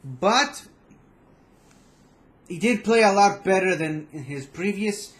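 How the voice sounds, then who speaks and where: Male reactor, high-pitched, casual and halting. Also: expressive, fairly bright tone. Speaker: reaction video host.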